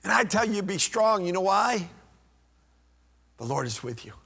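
Impassioned older male preacher, gravelly. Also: high voice, sing-song, moderate pace, long reverb tail. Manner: impassioned, rising to shouts then dropping to near whispers. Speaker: pastor. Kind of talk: sermon.

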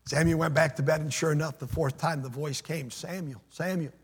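A man preaching from the pulpit in a high, breathy-edged voice. He leans on repeated phrases and lifts into a sing-song preaching cadence, and his words ring with the long reverb of a large hall. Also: fairly even intonation, a little fast. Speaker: pastor. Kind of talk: sermon.

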